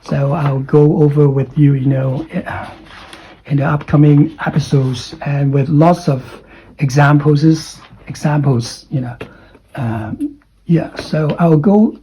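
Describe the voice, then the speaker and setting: A man teaching English pronunciation. He repeats letters and sounds over and over, swings his pitch up and down to show stress, and keeps checking in with "okay?". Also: takes it slowly, warm tone, a little hiss or hum, rough recording. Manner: drills sounds by repeating them, with exaggerated rising and falling pitch; frequent "okay?" and "you know" check-ins. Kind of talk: pronunciation lesson.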